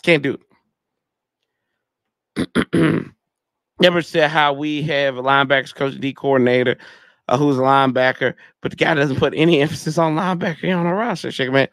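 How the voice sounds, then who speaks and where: A man's voice: fairly high pitch, steady tone, normal speed, gravelly, long pauses, fairly bright tone, dry recording. Male fan-show host, casual slangy rambling, answers chat, dry close mic. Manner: rambling, reads chat comments aloud, slangy. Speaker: podcast host reading live chat. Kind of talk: casual sports fan livestream.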